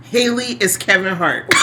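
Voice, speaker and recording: A woman co-hosting a podcast, chatting casually and teasing her co-host with quick reactions. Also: medium pitch, slight background noise. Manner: lively, quick to tease and react. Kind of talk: casual chat.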